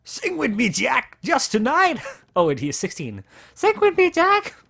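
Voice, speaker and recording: A man's voice: very high-pitched, huge pitch swings, a little slow, creaky, pushed and bright, pitched above the performer's own voice, full character voice. A man voicing a tipsy teenage Irish sailor boy in a text adventure game, pleading in a sing-song way.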